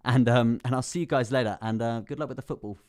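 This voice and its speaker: A man's voice: mid-range voice, fast talker, darkish tone, clear, resonant tone. A young man hosting a casual crypto live stream, chatting with viewers, reading their names aloud and laughing often. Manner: chatty, reads chat names aloud, many fillers and laughs.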